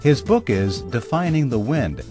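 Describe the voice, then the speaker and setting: A man, a radio announcer, introducing and closing a segment in a smooth, lilting presenter delivery. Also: mid-range voice, big pitch swings, measured pace. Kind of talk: broadcast announcing. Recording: voice over a music bed. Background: music bed.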